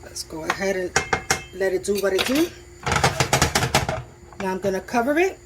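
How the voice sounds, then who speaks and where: A woman's voice: medium pitch, lively intonation, moderate pace, heavy background noise. A woman casually narrating her home cooking for viewers in a chatty, enthusiastic way, talking from her kitchen stove. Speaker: home cook vlogger. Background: food sizzling in a pan.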